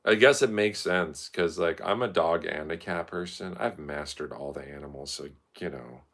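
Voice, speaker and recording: A man's voice: sits low, moderate pace, a bit bright. A man vlogging in a loose, meandering monologue, swearing freely and filling gaps with "like" and "you know". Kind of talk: rambling casual monologue.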